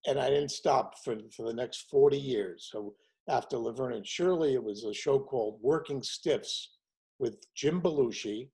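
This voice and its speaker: Husky man telling show business stories. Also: mid-range voice, normal speed, low-quality recording. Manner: animated storyteller acting out quotes in other voices. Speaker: guest, warm-up comedian. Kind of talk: casual storytelling chat.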